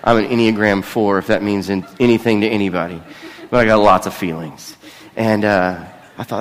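A middle-aged pastor with a fairly low voice and fairly even intonation preaches briskly. His conversational sermon is earnest, often interrupted by self-deprecating asides, and the church sanctuary adds long large-hall reverb.

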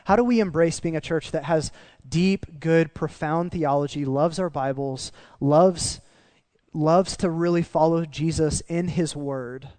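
Guy preaching, kinda high voice, chatty and earnest, dry close sound. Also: unhurried, no echo. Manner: conversational, earnest, dips soft in emotional parts. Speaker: pastor. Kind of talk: sermon with storytelling.

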